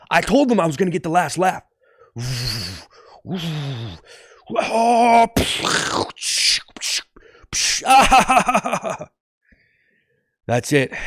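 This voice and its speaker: Smug volcano guy done by a dude, low and gloaty, no room echo at all. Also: a bit bright, breathy edge, clean studio sound, exaggerated voice. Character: smug male volcano, last to erupt. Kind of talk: improvised streamer sketch.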